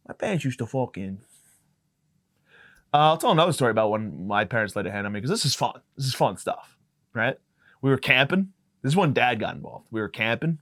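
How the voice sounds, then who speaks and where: Man, podcast host, profane, rambling, self-mocking, mid-pitched voice, dry close sound. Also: a bit bright, no room sound. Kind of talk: casual comedic storytelling.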